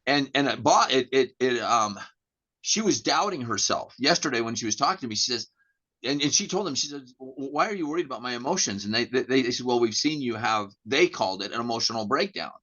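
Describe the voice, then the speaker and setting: A man's voice: mid-range voice, lively intonation, brisk, bright, forceful tone, highs cut off. A middle-aged man, a podcast guest, telling a story in a candid chat, often repeating words and acting out the dialogue.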